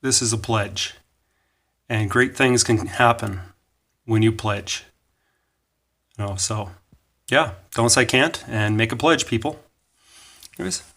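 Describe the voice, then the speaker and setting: A man in his forties from Canada tells a rambling motivational story in a casual vlog. His voice sits a little low. He often corrects himself and slips into the voices of the people he quotes. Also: takes it slowly, long pauses, pushed and bright. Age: 40s. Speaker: vlogger.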